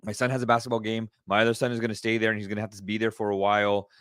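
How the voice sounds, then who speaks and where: A middle-aged man hosting a casual solo podcast, talking with excited energy and often repeating himself. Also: on the low side, rapid-fire, clean tone, dry recording, clean studio sound. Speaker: podcast host.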